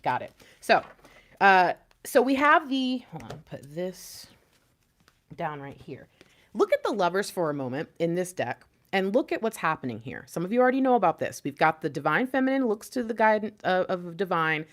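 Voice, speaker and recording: A young woman giving a casual tarot reading, easily excited and exclaiming over the cards as she lays them out. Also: medium pitch. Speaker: tarot reader.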